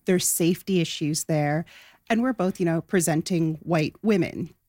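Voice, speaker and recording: A woman guest speaks in an animated, emphatic way, acting out little exchanges as she goes. Her voice sits on the lower side. The sound is dry and close, with no room echo. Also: moderate pace. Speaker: guest, sports journalist. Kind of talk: conversational interview.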